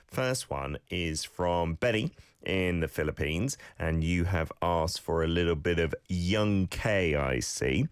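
A low-voiced man with a British accent talks listeners through a language lesson on his radio show. His delivery swings up and down with lively intonation as he patiently repeats words. The sound is dry and close. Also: slow pace, smooth, dry recording. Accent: British English. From United Kingdom. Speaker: radio host teaching Korean. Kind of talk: casual radio talk with language teaching.

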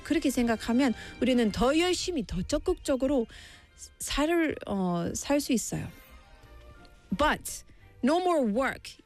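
A middle-aged woman teaching a word-of-the-day lesson in an encouraging, motivational way. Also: a little high. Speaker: language teacher.

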